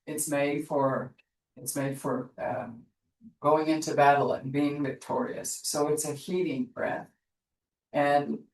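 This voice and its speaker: A woman yoga teacher giving slow, soothing guided instructions in an online class from her studio. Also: low-pitched. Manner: slow, soothing guidance with soft pauses. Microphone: distant laptop mic on an online class. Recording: roomy, distant sound from far off.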